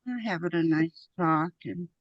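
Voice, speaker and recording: A woman's voice: fairly low pitch, moderate pace, dry recording, muffled recording. A woman in a casual chat, telling a funny anecdote with swearing. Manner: deadpan storytelling that gets loud when mimicking.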